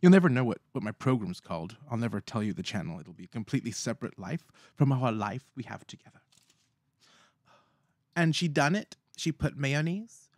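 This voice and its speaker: A man's voice: medium pitch, big pitch swings, brisk, darkish tone, dry recording. A man rambles playfully to his viewers and tells his story with theatrical flair. His voice sits in a middle range and is recorded close and dry, with no room sound. He mocks himself as he chats on. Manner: chatty, rambling, self-mocking. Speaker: food vlogger. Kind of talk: casual chat to camera.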